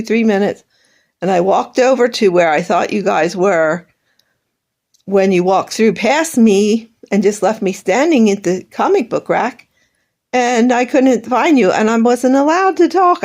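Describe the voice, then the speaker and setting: A woman's voice: medium pitch, a little mellow. An older woman in a bitter, sarcastic personal monologue, airing grievances at her absent family. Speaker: vlogger.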